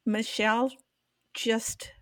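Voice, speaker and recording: A woman's voice: fairly high pitch, level tone, slow pace, fairly bright tone, no room sound. An older woman, a podcast co-host, telling an emotional personal story in casual chat, trying to hold back tears.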